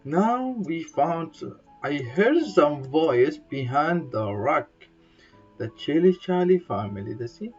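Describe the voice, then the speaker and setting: Slow, playful woman reading a bedtime story. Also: big pitch swings, darkish tone, breathy edge. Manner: slow, simple broken English, playful sound effects and high squeals for characters. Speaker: storybook reader. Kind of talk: bedtime story read-aloud. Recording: dull lo-fi sound with faint guitar music.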